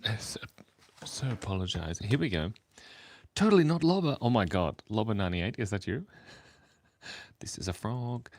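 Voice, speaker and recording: A man chatting with viewers on a live stream while he draws, keeping his voice low and quiet because it is early morning at home, playful and rambling. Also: no echo. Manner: talking quietly, hushed. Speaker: livestreaming artist. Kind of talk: casual live-stream chat while drawing.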